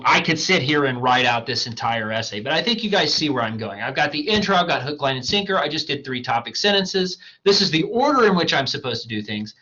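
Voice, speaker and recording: Male instructor, online lecture, casual "you guys" delivery, bright timbre, slightly hoarse, lo-fi capture. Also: on the high side. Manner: casual, addresses students as "you guys", fillers "um", "right?". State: losing his voice. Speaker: college writing instructor.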